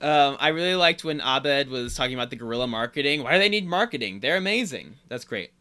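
A man's voice: mid-range voice, animated, quick pace, pushed and bright. A man co-hosting a podcast, casually recalling favorite moments of a TV episode and laughing often. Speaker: podcast co-host. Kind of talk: casual chat about a TV episode.

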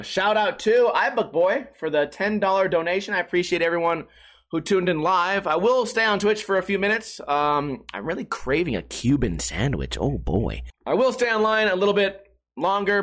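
A man's voice: high-pitched, fairly bright tone. A young man hosting a live-streamed solo podcast, telling rambling, profane, self-mocking stories in a casual way.

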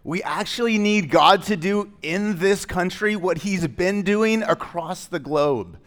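A man preaching from the pulpit in a somewhat higher voice. He talks conversationally, tossing in joking asides, then builds to emphatic, punchy declarations for his congregation. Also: a little slow, fairly bright tone. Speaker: pastor. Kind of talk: sermon.

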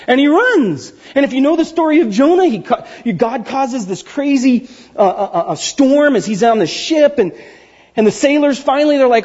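A man preaching a casual sermon as an animated storyteller who acts out quotes and makes jokes, on a dull lo-fi recording. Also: very high-pitched, moderate pace, husky, in a large hall. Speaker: pastor.

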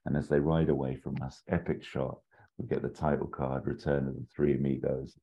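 A man with an extremely deep, dark voice tells a made-up film scene with relish. He keeps breaking into squeaky character bits, and the sound is dull and lo-fi. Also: brisk, breathy edge. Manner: animated, jumps into silly high voices for characters. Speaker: podcast co-host pitching an imagined sequel. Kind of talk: casual comedic storytelling.

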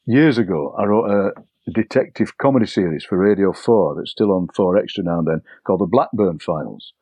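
An older man, a poet, telling anecdotes in a relaxed interview and acting out overheard phrases. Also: deep voice, moderate pace, no room sound. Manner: chatty, anecdotal, acts out overheard lines. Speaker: poet and broadcaster, interview guest. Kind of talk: relaxed storytelling conversation.

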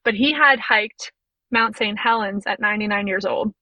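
Bright, chatty young woman. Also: mid-range voice, normal speed, no room sound, muffled recording. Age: young adult. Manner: chatty, many fillers like "like" and "you know". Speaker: podcast guest, physiotherapist and through hiker. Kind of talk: casual storytelling.

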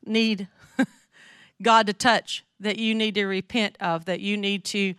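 Bright chatty Southern woman preacher. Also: medium pitch, steady tone, takes it slowly, smooth, dry recording, clean studio sound. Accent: Southern American. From American South. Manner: chatty, candid, asks the audience questions. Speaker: women's ministry speaker. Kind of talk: conversational sermon.

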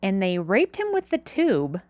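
A woman's voice: medium pitch, wildly swooping pitch, measured pace, a little mellow, no echo. A woman co-hosting a podcast, chatting casually, blunt and swearing freely, laughing often. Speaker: podcast co-host. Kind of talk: casual chat.

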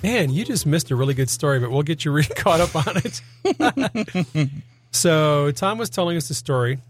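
A man hosting a faith talk show in a studio, chatting casually and dropping quick affirmations while his guest speaks. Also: on the high side, lively intonation, soft background music. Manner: conversational, interjecting affirmations. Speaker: host. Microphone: studio mic.

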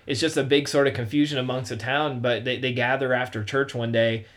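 A man's voice: mid-range voice, steady tone, brisk, fairly bright tone. A man casually discussing a movie as a podcast host, rambling and restarting often. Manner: rambling, full of "you know" and restarts.

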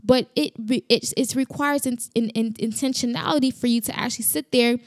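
A woman's voice: a little high, steady tone, a little fast, no room sound, clean studio sound. A woman hosting a faith podcast, giving a fervent, emphatic devotional talk with frequent restarts.

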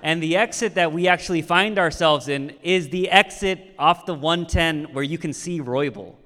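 A man's voice: on the high side, moderate pace, sharp tone, long reverb tail. A man who is a pastor, preaching a sermon and telling a personal story in an easy, conversational way, with frequent "right?" asides.

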